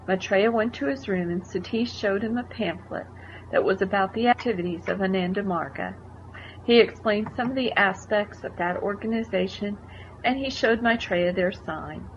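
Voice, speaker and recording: A woman's voice: medium pitch, normal speed. A woman narrates a life story in a conversational way, stopping to explain things to the listener. The recording is dull and lo-fi, with a faint hiss underneath.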